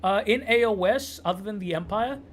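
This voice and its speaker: High-voiced man, loose and sweary. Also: a little fast, slight background noise. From Canada. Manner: loose, swears freely, rambling asides. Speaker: streamer. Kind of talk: casual gameplay commentary.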